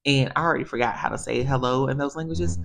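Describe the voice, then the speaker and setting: A woman with a low-pitched voice talks casually to her viewers. She is a physical therapist sharing work stories in a chatty, animated monologue. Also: quick pace, gravelly.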